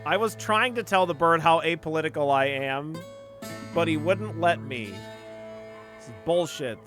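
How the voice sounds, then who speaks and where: Joking man streaming a game, bright voice. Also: a little high, lively intonation, moderate pace, faint music behind. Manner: joking, swears casually, reads game text aloud. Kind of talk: casual gaming commentary.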